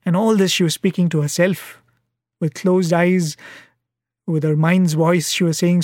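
A man, his voice sitting a little high, tells a devotional story at a patient, sincere pace. His delivery is earnest and unhurried. The sound is close and dry, with no echo. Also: fairly even intonation, darkish tone. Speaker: devotional speaker.

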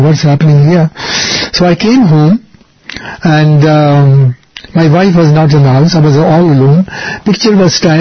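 An older man with a husky, slightly high voice tells a personal story in a radio interview. He speaks earnestly and haltingly, repeats himself, and restarts his phrases. The sound is dry and muffled, like a lo-fi broadcast. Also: no room sound. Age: over 60. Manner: earnest, repetitive, halting with many restarts and fillers. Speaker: interview guest.

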